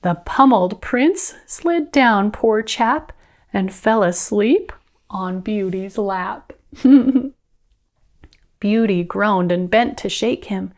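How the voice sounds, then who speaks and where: Reading a picture book to children, a teacher speaks expressively in a mid-range voice, drawing out her words as she encourages the kids to join in.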